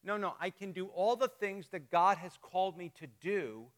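A man's voice: high-pitched, normal speed. A middle-aged man, a pastor preaching a sermon in a church, telling stories in a conversational way and joking with the congregation. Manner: storytelling, conversational, jokes with the congregation. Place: church sanctuary.

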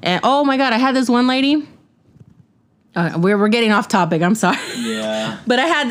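A woman's voice: fairly high pitch, big pitch swings, moderate pace. A woman hosting a podcast, telling a casual, blunt story about difficult customers and swearing freely along the way. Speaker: podcast host.

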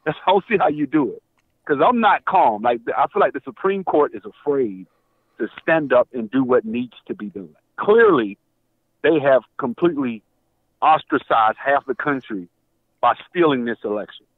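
Male caller, phone-line audio, worked up and stammering, lively pitch. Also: moderate pace, dry recording. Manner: agitated, stammering, repeats himself. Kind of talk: call-in show conversation. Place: Atlanta area.

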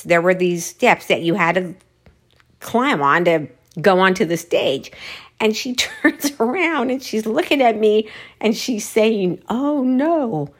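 Lady telling a funny story, keeps cracking up while she talks, normal pitched voice. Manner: laughs often mid-sentence, lively storytelling. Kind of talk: casual personal anecdote.

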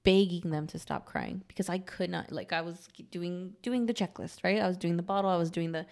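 A woman in her thirties co-hosting a podcast in casual chat, candid and quick to laugh, often checking in with "right?". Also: lowish voice, creaky, a little mellow. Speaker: podcast co-host.

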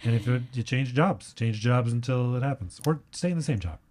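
A man, a comedian guest, chatting on a podcast with deadpan, absurd riffing. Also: medium pitch, a little fast. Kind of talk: casual podcast chat.

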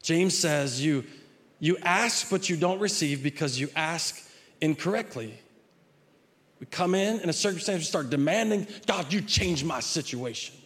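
A man's voice: a little high, expressive, measured pace. A middle-aged male pastor preaching a sermon in a conversational way, often repeating words and restarting phrases. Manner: acts out a child's pleading voice in quotes.

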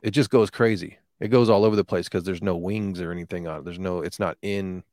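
A man's voice: sits low, fairly even intonation, fairly quick, a little mellow, dry recording, studio quality. A man in casual chat, telling a rambling, profane story with lots of fillers.

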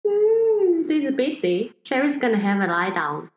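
A woman's voice: high voice, wildly swooping pitch, normal speed, darkish tone. A woman playing a tabletop game, narrating her character in third person. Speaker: player. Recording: echoey room.

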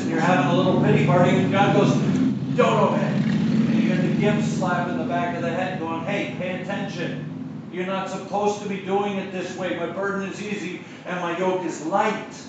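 A man's voice: sits high, very noisy. A man preaching a sermon, telling a personal story and then repeating his points with emphasis. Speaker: pastor. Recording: echoey distant lo-fi church recording.

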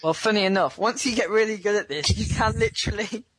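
A man's voice: high-pitched, fast talker, a bit bright, husky, no room sound. A man, a dating coach talking in a chatty interview and acting out small scenes in other voices. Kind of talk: remote interview.

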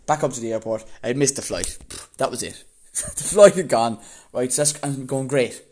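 A young Irish man telling a story casually, animated and laughing as he goes. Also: medium pitch, normal speed. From Ireland.

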